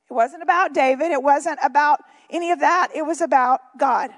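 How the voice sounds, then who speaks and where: A woman's voice: high-pitched, moderate pace, few pauses. A woman preaching a sermon, reading Bible verses and breaking off for chatty, joking asides to the congregation.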